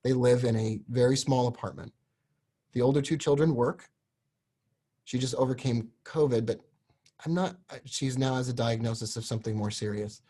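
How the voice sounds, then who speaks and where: Man, live stream host, sales pitch, earnest and emotional, husky voice, middle pitch. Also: moderate pace, mellow. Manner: earnest, emotional, talks straight to viewers. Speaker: host selling a trading course.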